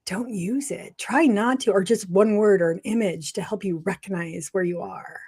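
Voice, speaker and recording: A middle-aged woman co-hosting a casual podcast, talking in an animated, chatty way and laughing often. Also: mid-range voice, moderate pace, husky. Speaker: podcast co-host.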